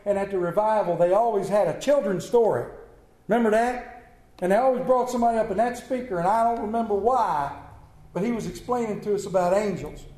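Preacher, high voice, storytelling sermon, echoey church room. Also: male voice, brisk. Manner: storytelling, shifts between hushed tender reading and lively humor. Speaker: pastor.

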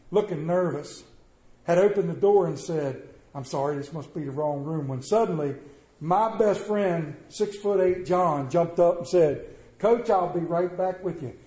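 Preacher in a roomy church. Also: male voice, fairly high pitch. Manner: preaching with dramatic storytelling, swinging between soft and loud. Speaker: pastor. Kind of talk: sermon. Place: church sanctuary.

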